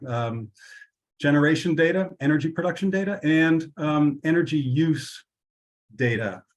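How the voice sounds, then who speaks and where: A man's voice: a little high, poor audio. Man opening an online workshop. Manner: measured, with frequent fillers and restarts. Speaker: workshop host.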